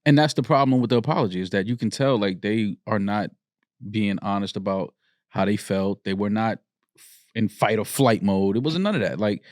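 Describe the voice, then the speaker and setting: A man's voice: fairly low pitch, brisk, dry recording, clean studio sound. A man co-hosting a podcast, making emphatic points, repeating himself and swearing in casual debate. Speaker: podcast co-host.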